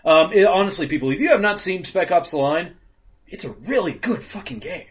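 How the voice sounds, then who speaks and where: A man co-hosting a casual podcast, chatting profanely, laughing often and bursting into loud acted-out rants. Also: high-pitched, fairly quick. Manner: animated, laughs a lot, acts out rants in loud voices. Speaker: podcast co-host. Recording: dull lo-fi podcast audio.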